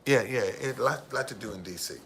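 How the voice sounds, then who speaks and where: A man's voice: medium pitch, brisk, vocal fry, fairly bright tone, slight background noise. A man telling his own life story in an emphatic way, repeating his key phrases for weight. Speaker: driver. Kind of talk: personal storytelling monologue.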